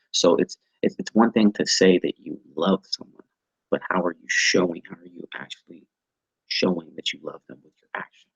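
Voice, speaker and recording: A man teaching an online training class over a video call, halting and often repeating words as he restarts his sentences. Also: deep voice, breathy edge, no echo, highs cut off. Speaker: instructor.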